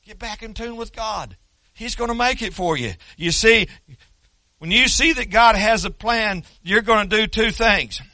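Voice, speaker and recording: An older man from Oklahoma preaching a sermon, wandering into folksy asides and building to loud shouted stretches. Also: high-pitched, unhurried, no echo.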